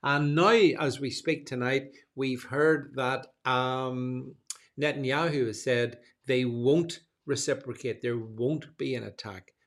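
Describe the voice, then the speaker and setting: A man hosting a loose panel chat, talking at an ordinary middle pitch. He rambles through his points with plenty of fillers and restarts, chuckling now and then. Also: fairly even intonation, slow, fairly bright tone. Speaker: host. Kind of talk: casual panel discussion.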